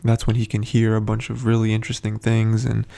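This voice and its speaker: A man's voice: on the low side, monotone, fairly quick, creaky, dark tone. A man hosting a casual, rambling TV episode recap, full of hesitant fillers. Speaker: host.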